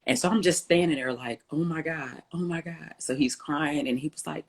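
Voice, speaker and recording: A woman guest in an interview, telling a personal story with lively, acted-out dialogue. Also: deep voice, normal speed, gravelly, breathy edge. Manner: animated storyteller, acts out quoted dialogue.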